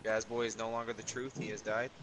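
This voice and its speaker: A man's voice: on the low side, little pitch movement, quick pace, rough recording. A man on voice chat in a team shooter, calling plays and joking with his teammates. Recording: loud gunfire behind the voice.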